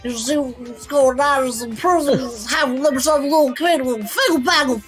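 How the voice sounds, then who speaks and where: A woman's voice: high-pitched, fairly quick, soft background music, close to an everyday voice. A woman voicing a rambling drunk young woman, babbling incoherently in slurred, half-finished sentences.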